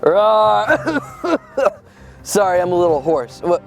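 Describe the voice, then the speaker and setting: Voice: mid-range voice, big pitch swings, takes it slowly, creaky, soft background music, heavily acted. An actor voicing a laid-back, trusting male lion in a kids' church comedy skit, talking in an easygoing, slightly goofy drawl.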